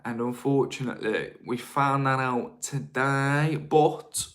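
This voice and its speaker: A man's voice: mid-range voice, steady tone, slow, fairly bright tone. A young man hosting a live stream, chatting informally and greeting viewers between points. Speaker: live-stream host on marketing. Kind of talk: casual live-stream talk, reading viewer chat.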